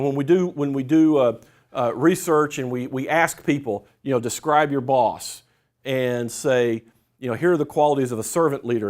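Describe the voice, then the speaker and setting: A man's voice: on the high side, a little mellow. A middle-aged man, a professor giving a workshop lecture, talking conversationally with many fillers and restarts and reading quotes aloud.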